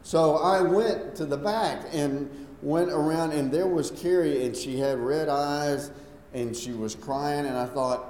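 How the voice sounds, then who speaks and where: A middle-aged male pastor preaching a sermon in a relaxed, conversational storytelling way. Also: fairly high pitch, measured pace, slight background noise. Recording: echoey hall from far off.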